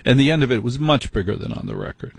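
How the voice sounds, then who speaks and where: Husky-voiced rambling late-night radio man. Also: mid-range voice, wildly swooping pitch, quick pace, no room sound. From United States. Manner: rambling, self-deprecating, wry asides. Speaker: overnight radio host.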